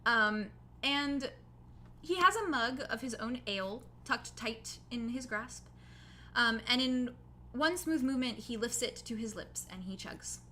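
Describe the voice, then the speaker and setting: A woman's voice: on the high side, lively intonation, measured pace, pushed and bright, slight background noise. A young woman narrating a tabletop game as game master, casual, with lots of fillers.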